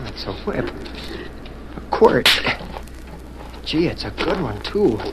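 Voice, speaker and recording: Plucky young cowboy, bright lively voice jumping high, hissy old broadcast. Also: male voice, slow pace. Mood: hushed. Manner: excited, talking to his horse. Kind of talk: 1940s radio acting. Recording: noisy 1940s radio broadcast.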